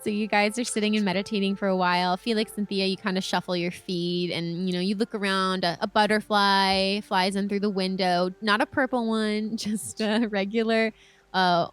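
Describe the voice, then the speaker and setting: A woman running a tabletop game as dungeon master, narrating scenes in a relaxed, descriptive way. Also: medium pitch, moderate pace, smooth, no echo. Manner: relaxed, descriptive storytelling with casual fillers.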